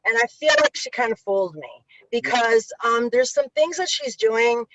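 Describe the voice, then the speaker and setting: In this animated storytelling interview, a middle-aged woman, a guest who works as a violence interrupter, swears freely and acts out the voices of the people she quotes. Her voice is a little high, expressive, and fairly bright, at a moderate pace. There's no echo, but the sound is lo-fi.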